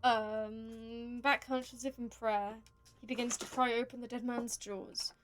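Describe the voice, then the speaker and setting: A woman plays through a video game on stream and reads its text aloud. Her voice sits a little high. She keeps a casual, playful manner and reacts quickly. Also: flat delivery. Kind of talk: reading game text aloud during a playthrough.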